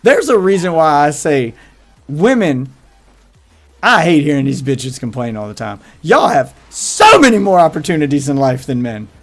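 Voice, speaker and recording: A man's voice: fairly high pitch, very animated, moderate pace, soft background music. Crude rambling male streamer. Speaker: livestream host. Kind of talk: casual chat.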